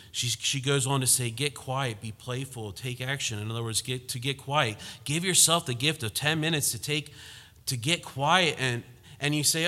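A man preaching a sermon, swinging from emphatic force to hushed tones and sometimes mocking quoted lines in a lighter voice. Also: mid-range voice, long reverb tail.

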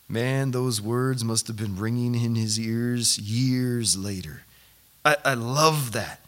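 A man preaching a sermon as pastor, animated and building to loud, emphatic peaks. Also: mid-range voice, slow pace. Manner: repeats himself when excited.

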